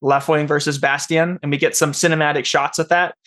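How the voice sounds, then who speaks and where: Male tabletop game master with a somewhat high voice who restarts his sentences as he explains rules. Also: flat delivery, fairly bright tone. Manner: halting, restarts sentences often. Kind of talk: running a tabletop role-playing game.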